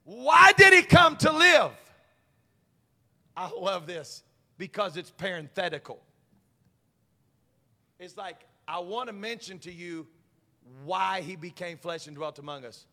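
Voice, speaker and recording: A man delivers a fervent Pentecostal sermon in a high, bright, ringing voice. His preaching swells into shouts, and his words trail off into the long reverb of a church sanctuary. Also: sing-song, slow pace, long pauses. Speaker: pastor.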